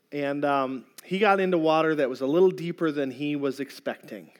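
A middle-aged pastor preaches a sermon, sharing a personal story in an earnest, conversational way. His voice is on the high side and moves at a moderate pace.

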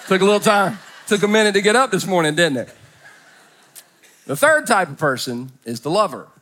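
A middle-aged male pastor giving a humorous sermon at a church service, storytelling with comic impressions and swinging from soft to loud. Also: sits high, very animated, a little fast.

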